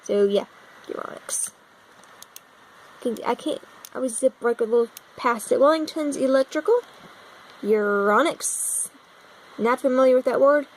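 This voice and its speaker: A woman's voice: sits high, fast, slight background noise, poor audio. A young American woman vlogging casually, thinking aloud and puzzling over things as she browses on her computer, recorded on a phone propped against her laptop. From United States. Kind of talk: casual vlog narration while browsing a map on a computer.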